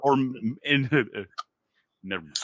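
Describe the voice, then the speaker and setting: A man's voice: mid-range voice, slow, dull audio. A man co-hosting a podcast, arguing his point in profane casual chat. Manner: argumentative, profane, lively. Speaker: podcast co-host.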